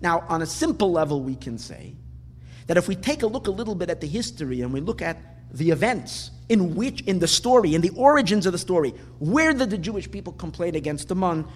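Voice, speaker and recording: A man teaching a Torah class in an animated way, repeating words for emphasis and asking rhetorical questions. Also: high voice, brisk. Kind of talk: lecturing on weekly Torah portion. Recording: long hall reverb, faint background noise.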